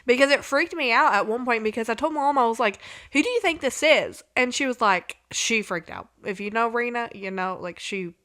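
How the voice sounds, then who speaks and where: A woman's voice: a little high, fairly quick, hardly any pauses, bright, forceful tone. A young woman hosting a podcast, telling a story in a chatty way with lots of "like" fillers and reading out old text messages. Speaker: podcast host. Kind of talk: casual storytelling.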